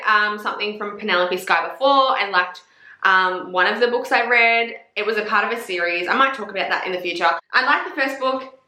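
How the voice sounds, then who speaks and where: A woman's voice: medium pitch, pushed and bright. A young Australian woman with an Australian accent, chatting casually to camera as a book vlogger, blunt and playful, swearing freely. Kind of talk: casual chat. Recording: echoey room.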